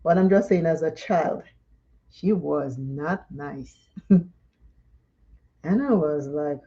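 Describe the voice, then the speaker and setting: A woman's voice: low-pitched, takes it slowly, long pauses, dark tone, dull audio. A woman from Dominica, chatting and telling stories during a live makeup tutorial and laughing often. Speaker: makeup vlogger.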